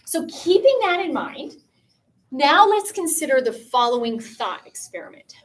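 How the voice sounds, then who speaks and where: A woman from Canada giving a lecture to a student audience, chatty and lively, often asking the listeners questions. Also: sits high, unhurried. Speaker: pro-life speaker. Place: room with a piano and a live audience.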